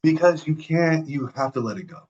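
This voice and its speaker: A man, a podcast guest, telling a story in a casual, animated and profane way, acting out the people he quotes. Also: on the high side, a little fast, dull audio.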